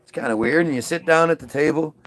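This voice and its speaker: A man telling a swearing, animated story, acting out the lines of the people in it. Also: a little high, quick pace, no room sound. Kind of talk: profane anecdote with acted-out voices.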